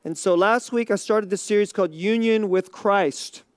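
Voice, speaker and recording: Pastor giving a sermon; measured delivery that leans hard on key words; dry, close sound. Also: mid-range voice, no echo. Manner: slow, deliberate emphasis on key words.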